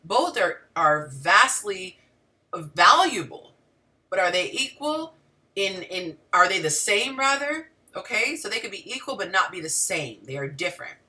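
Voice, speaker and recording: This relationship coach and show host speaks in a medium pitch, a little slowly, from a distance on her casual livestream. Animated and addressing viewers directly, she keeps slipping in asides.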